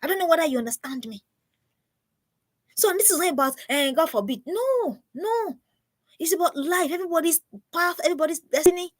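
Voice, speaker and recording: Earnest high-voiced woman. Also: expressive, brisk, pauses often, no room sound. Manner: earnest, preachy, repeats herself. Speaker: parenting speaker. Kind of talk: live talk to parents.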